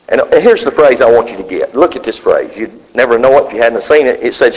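A man preaching a sermon, dropping to low murmurs and rising to shouted cries. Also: very animated, fast talker. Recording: muffled hall recording.

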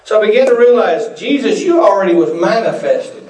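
A man's voice: high-pitched, animated, a little fast, darkish tone. A man preaching a sermon and telling folksy stories, acting out the voices of the people in them. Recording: echoey room, voice picked up from a distance.

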